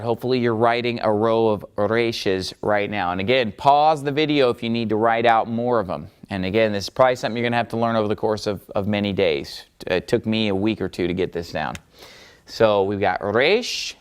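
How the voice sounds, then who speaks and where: A man's voice: medium pitch, clear, resonant tone. A man teaching a Biblical Hebrew lesson step by step at a board, patiently checking in with his students. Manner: patient, checks in with "okay?" and "all right?".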